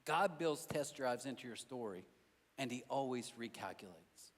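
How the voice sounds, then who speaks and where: Long hall reverb fills this recording of a man delivering a sermon in a church auditorium. His mid-range voice moves at a moderate pace as he tells lively stories, pokes fun at himself, and speaks straight to the congregation.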